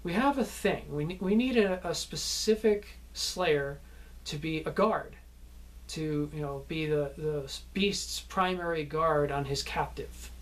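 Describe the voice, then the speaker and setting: A man's voice: fairly high pitch, unhurried. A man, an actor, casually telling behind-the-scenes stories from a film shoot, rambling with many fillers and restarts and often laughing. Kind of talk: casual anecdotal storytelling.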